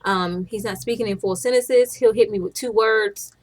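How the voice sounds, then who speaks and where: A woman's voice: mid-range voice, moderate pace, husky. Young woman, casual vlogger, chatty and meandering, mid-range voice. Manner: chatty, rambling, with frequent restarts and laughs. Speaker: stay-at-home mom vlogger. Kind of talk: casual chat to camera.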